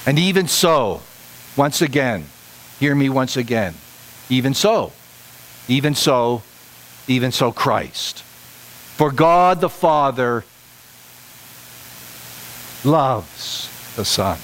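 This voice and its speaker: A middle-aged man preaching a sermon, emphatic and repetitive, pushing his voice higher on the key points. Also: lively intonation, slow, pauses often, fairly bright tone, poor audio. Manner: emphatic, repeats phrases for stress, rising to higher pitch on key points.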